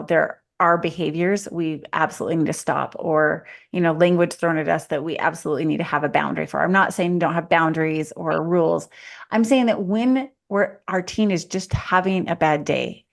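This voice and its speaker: A woman's voice: on the low side, gravelly. A woman who is a life coach and co-host, giving earnest advice to parents in a casual chat. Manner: earnest, coaching, thinks aloud. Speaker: mother of teens.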